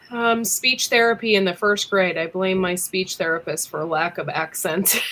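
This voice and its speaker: Giggly chatty woman, bright voice. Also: mid-range voice, animated, a little slow. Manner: giggly, chatty, lots of ums. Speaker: livestream co-host. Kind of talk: casual livestream chat.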